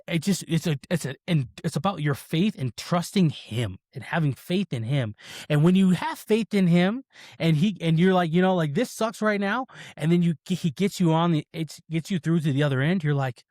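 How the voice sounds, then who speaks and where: A man in his thirties hosting a podcast, telling a personal story in a lively, animated way and acting out his own thoughts, turning to faith in a preaching tone. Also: a little high, normal speed, no room sound, studio quality. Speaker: podcast host. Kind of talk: casual chat.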